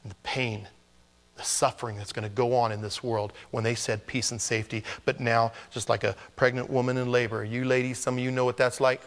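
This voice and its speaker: A man preaching a conversational, jokey sermon as a pastor, often switching to high mock voices. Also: flat delivery, fairly quick. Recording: long hall reverb.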